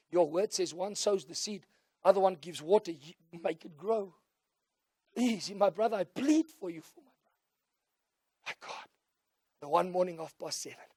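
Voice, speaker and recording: A middle-aged man with a South African accent preaching a sermon, moving between quiet storytelling and loud call-and-response shouts. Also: high-pitched, dry recording, clean studio sound. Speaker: pastor.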